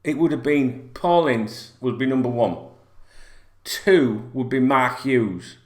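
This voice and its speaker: A man's voice: mid-range voice, slow pace. Man, middle-aged, football fan host, blunt, sweary, rambling, echoey room. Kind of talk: casual rant to camera. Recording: roomy echo.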